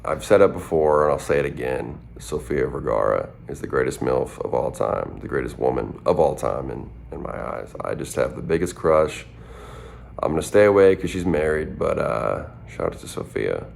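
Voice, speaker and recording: A man's voice: lively intonation, normal speed, a little mellow, a little hiss or hum. A man in his twenties from southern Minnesota, a rapper casually answering fan questions in a playful, drawling way. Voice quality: very deep, gravelly voice. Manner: laid-back, drawling and playful. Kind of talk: casual chat.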